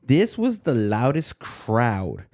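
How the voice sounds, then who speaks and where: A young man, co-hosting a podcast in casual chat, animated and quick to swear. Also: mid-range voice. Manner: animated, swears freely, sings snippets in Spanish. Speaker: podcast co-host.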